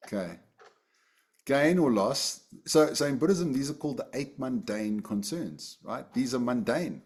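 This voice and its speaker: A man teaching an online Buddhist class over a video call, talking in a relaxed, conversational way with fillers and restarts. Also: mid-range voice, measured pace, husky.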